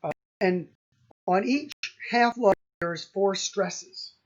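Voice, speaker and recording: A man giving a university lecture on poetry, thoughtful and halting, with frequent pauses and restarts. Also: high voice, highs cut off. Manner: halting, many ums and restarts, slow and thoughtful.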